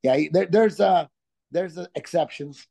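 Speaking at normal speed, a middle-aged man with a fairly high, creaky, dark voice chats as an interview guest. He's a comedian and jiu-jitsu instructor whose laid-back talk is full of restarts and easy laughs.

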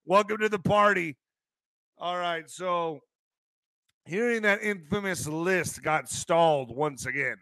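Rambling man with a bright edge. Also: sits high, slow, creaky, pauses often, dry recording. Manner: rambling, storytelling, bursts of shouting. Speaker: online show host. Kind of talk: casual live-stream monologue.

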